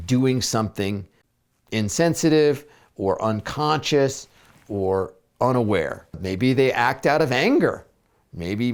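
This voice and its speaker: With a mid-range voice, this man shares reflections on video as a therapist and spiritual coach. His speech is soft and exploratory, full of fillers and false starts.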